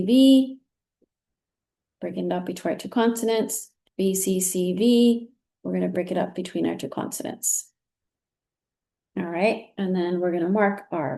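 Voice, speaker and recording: Woman teacher explaining step by step, warm mellow tone, says very good a lot. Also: medium pitch, gravelly. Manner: patient, encouraging, with frequent "very good". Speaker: teacher trainer. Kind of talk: recorded teaching demonstration.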